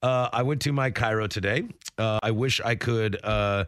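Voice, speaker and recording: A man's voice: fairly low pitch, moderate pace, a bit bright, no echo, studio quality. A man co-hosting a sports radio show in casual chat. He rambles with many fillers and acts out the people he quotes. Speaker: radio co-host.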